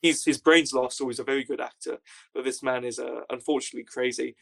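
A young man telling wry, animated stories as an interview guest. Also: mid-range voice, quick pace, vocal fry. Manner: wry, animated storyteller who acts out quotes. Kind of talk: casual storytelling.

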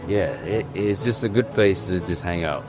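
Guy from london but sounds american, low voice, blunt and sweary, street interview outside, bit of music behind. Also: normal speed. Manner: blunt, curse-laden, emphatic.

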